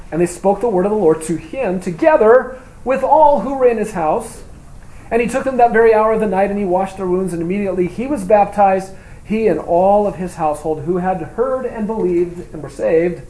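A man preaching a sermon, reading scripture aloud and explaining it, moving between loud emphatic reading and quiet, low asides. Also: moderate pace. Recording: echoey room with faint hum.

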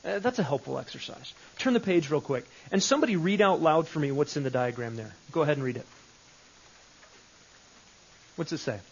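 Husky man teaching a Bible study. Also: fairly high pitch, lively intonation, quick pace. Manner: conversational, repeats phrases with shifting emphasis. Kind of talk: live teaching session. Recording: dull lo-fi recording.

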